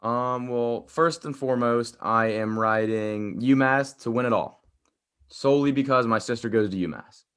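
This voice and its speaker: A man's voice: mid-range voice, normal speed, smooth. A young man from co-hosting a casual sports podcast, upbeat and jokey as he gives his picks. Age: young adult.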